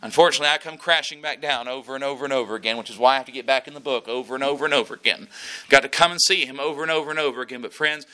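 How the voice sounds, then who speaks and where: A man preaching a sermon, earnest and repetitive, building to loud emphasis. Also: medium pitch, very fast, clear, resonant tone. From South Mississippi, US. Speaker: pastor.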